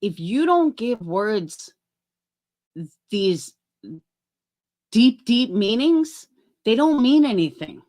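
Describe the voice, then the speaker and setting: A woman's voice: a little high, sing-song, slow pace, long pauses, darkish tone. A middle-aged woman chatting on a livestream, rambling and swearing as she talks to her chat by name.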